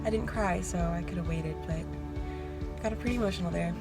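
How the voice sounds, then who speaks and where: On show day, a woman in a bodybuilding competition talks to the camera in a chatty, emotionally open vlog. She speaks briskly in a lowish voice, and the poor-quality audio carries music and crowd noise behind her.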